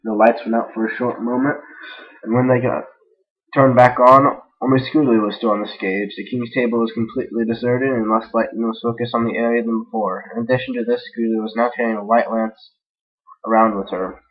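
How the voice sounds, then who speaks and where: A man's voice: medium pitch, steady tone, fairly quick. A man reading fan fiction aloud in a casual way, with self-deprecating, joking asides. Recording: dull lo-fi recording.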